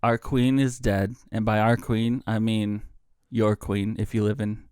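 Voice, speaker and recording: A man's voice: on the low side, little pitch movement, unhurried, a little mellow, smooth, dry recording, studio quality. Rambling, laughing male podcast co-host. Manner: rambling, laughs often, filler-heavy musing. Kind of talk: casual comedic chat.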